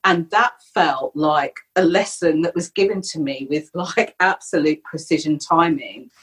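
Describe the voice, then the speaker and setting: Middle-aged woman, low and slightly husky, candid guest sharing a personal story. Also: a little slow, poor audio. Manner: candid, reflective, animated when retelling. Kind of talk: personal storytelling in a podcast interview.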